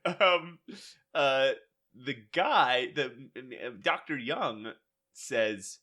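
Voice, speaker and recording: A man's voice: mid-range voice, lively intonation, drawn-out words, pushed and bright. A man co-hosting a casual comedy podcast, rambling through a story, laughing often and acting out quotes. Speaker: podcast co-host.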